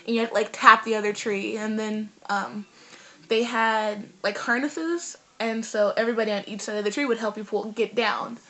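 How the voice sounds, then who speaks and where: A teenage girl, telling a story in a casual vlog in an animated, rambling way full of fillers. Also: mid-range voice, moderate pace. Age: teens. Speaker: vlogger.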